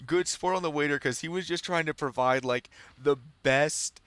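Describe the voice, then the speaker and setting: A man's voice: a little high, takes it slowly, fairly bright tone, clean tone, no room sound. A man chatting casually with his viewers while he streams a game, telling rambling stories that amuse him. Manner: rambling, self-amused storytelling.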